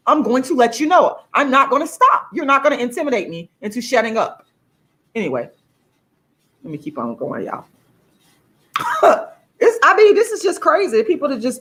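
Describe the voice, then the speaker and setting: A woman's voice: high-pitched, big pitch swings, normal speed, a bit bright. A woman, talking casually and emphatically to her viewers in a livestream vlog. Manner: chatty, emphatic, addresses viewers as y'all. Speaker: vlogger.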